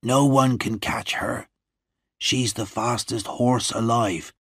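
A badly wounded young man, as a narrator voices him, speaking a little higher than the narrator's own low voice, strained and hushed. The delivery is slow and urgent, with a dry, close sound. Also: steady tone, breathy edge, dry recording.

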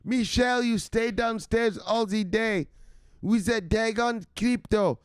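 A man's voice: high-pitched, takes it slowly, clear, resonant tone, no echo, clean studio sound, pitched above the performer's own voice. A man voicing a doting older mother who fusses and scolds her grown son in a sing-song manner.

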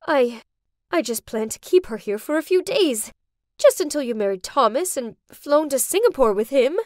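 A desperate middle-aged mother, as a storyteller puts her on pleads and falters in an animated storybook. She speaks with a rising, wavering voice, recorded dry and close. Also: sits high, fairly quick, no room sound. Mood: pleading.

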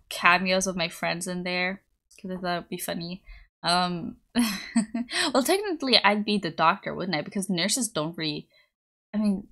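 Young woman streamer, chatty and giggly, mid-pitched, casual rambling talk into a desk mic. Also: vocal fry, a bit bright. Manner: bubbly, rambling, giggly, reads chat aloud. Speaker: livestreamer. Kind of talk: casual chat with live chat. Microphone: desktop USB mic.

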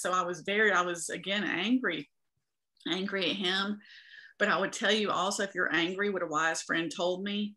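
Bright-voiced woman giving earnest testimony. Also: mid-range voice, steady tone, normal speed. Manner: earnest, preaching. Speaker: guest. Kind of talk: faith testimony in an interview.

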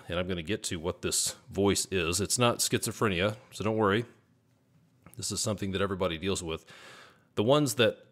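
Man, podcast host, somewhat low voice, earnest coaching monologue, repeats points for emphasis. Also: a bit bright. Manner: rattles off lists of negative self-talk.

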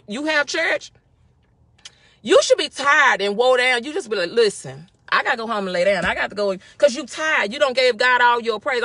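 A woman hosting a casual devotional talk, speaking with excitement and emphatic repetition. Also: high voice, no echo. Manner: excited, emphatic, with repeated phrases.

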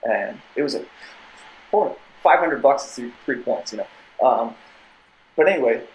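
A young man appears as a podcast guest, telling a long, casual story full of tangents and repeated restarts. His mid-range voice has lively intonation and a normal speed, though the audio quality is poor.

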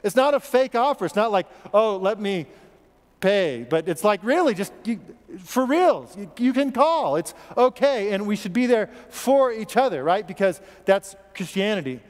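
A man's voice: sits high, animated, moderate pace. A man preaching a sermon as pastor, in a conversational, repetitive way with questions to the congregation, in an American accent. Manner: conversational, repeats words, asks the congregation questions. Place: church sanctuary. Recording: long church reverb.

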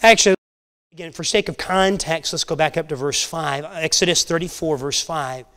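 A man teaching a Bible lesson to a church class, earnest and halting, often restarting his sentences. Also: fairly high pitch, a bit bright. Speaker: Sunday school teacher.

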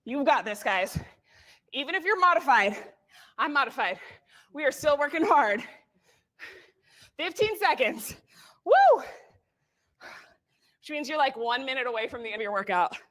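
A woman's voice: sits high, animated, normal speed, pauses often, bright, forceful tone. A young woman leading a live workout, cheering people on with whoops and short cues, audibly out of breath. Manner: upbeat, encouraging cues with whoops. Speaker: fitness instructor.

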